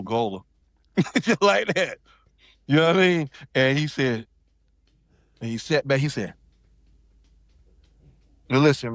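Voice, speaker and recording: In a dry recording, a South Carolina man appearing as a podcast guest tells a story casually in a mid-range voice. He acts out the quotes, shifting between voices.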